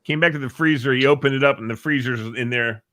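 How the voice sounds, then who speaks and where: A man's voice: mid-range voice, fast talker, fairly bright tone, no echo. A man co-hosting a casual chat show, joking around and laughing often. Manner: jokey, laughs often, tells jokes. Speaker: co-host.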